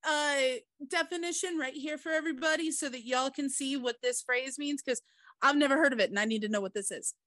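A woman's voice: high voice, fairly quick, no echo. A woman with a mixed Southern accent and a bit of Kansas twang, hosting a casual interview in an open, chatty way. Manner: open, chatty, speeds up when excited. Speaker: podcast host.

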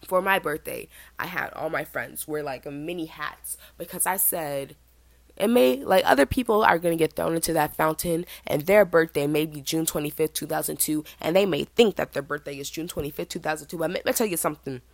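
A woman in her twenties hosting a podcast, telling a story in a chatty, animated way and feeling a bit sick. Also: fairly quick, gravelly, dry recording. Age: 20s. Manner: chatty, animated, mimics other people in high voices. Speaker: podcast host. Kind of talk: casual storytelling monologue.

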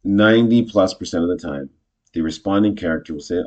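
A man casually teaching improv, chatty and self-correcting, jumping into animated example lines. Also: sits low, a little fast, slightly rough, highs cut off.

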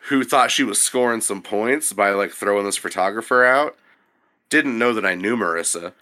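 A young man, a podcast guest, telling a story in a casual, animated and profane way. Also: on the low side, normal speed.

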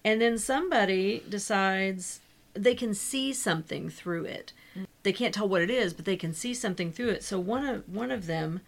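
Woman podcast co-host, gravelly edges, chatty book talk. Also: mid-range voice, animated, normal speed. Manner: chatty, retells plot with short reactions. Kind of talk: casual book discussion.

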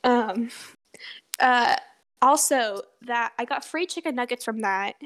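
Animated teenage girl telling a story. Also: fairly high pitch, takes it slowly. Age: teens. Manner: animated, laughs often, swears freely. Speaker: podcast co-host. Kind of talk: casual storytelling chat.

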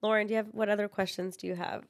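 A woman's voice: medium pitch, flat delivery, rapid-fire. A woman co-hosting a family podcast, asking her mother questions and answering with short affirmations. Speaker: podcast co-host, daughter. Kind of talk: casual family chat.

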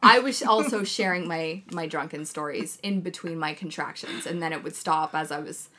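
A young woman chatting casually as a podcast co-host, telling a blunt, heavily sworn, animated story. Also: deep voice, normal speed. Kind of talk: casual chat.

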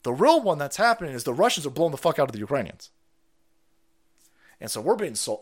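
A man hosting a livestream, ranting in profane, mocking commentary and swinging between loud outbursts and low mutters. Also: sing-song, fast, long pauses. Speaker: livestream host.

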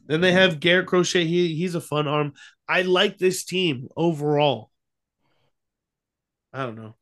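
A man's voice: on the high side, unhurried, a bit bright. A young man co-hosting a podcast, chatting casually about baseball with easygoing ums and restarts. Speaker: podcast co-host. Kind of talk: casual sports chat.

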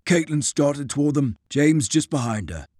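A man narrating an audiobook in a dramatic, expressive reading. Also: on the high side, normal speed, no echo, clean studio sound. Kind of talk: scripted narration.

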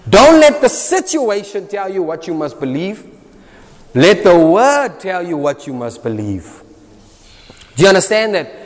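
A South African man preaches with emphatic, punchy delivery, slipping into Afrikaans phrases. His voice sits fairly high, and it rings out with a long reverb, as if recorded in a church hall. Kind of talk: sermon.

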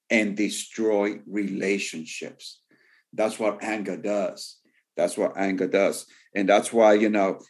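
A man's voice: mid-range voice, darkish tone. Man preaching a conversational Bible sermon. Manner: conversational, heavy use of "you know" fillers; reads scripture verses slowly and deliberately. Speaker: pastor.

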